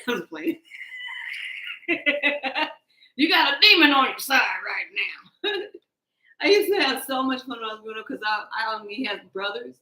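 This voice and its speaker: A woman with a high, bright voice chats through a casual tarot reading. She is animated and playful, joking and laughing between cards, and her voice rings in an echoey room. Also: unhurried, long pauses. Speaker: tarot card reader.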